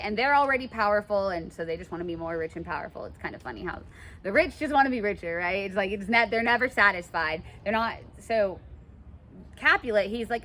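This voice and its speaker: A woman teaching a class in a casual, animated way, full of fillers, in a classroom. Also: mid-range voice, moderate pace. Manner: chatty, animated, many fillers. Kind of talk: classroom lecture with read-aloud passages.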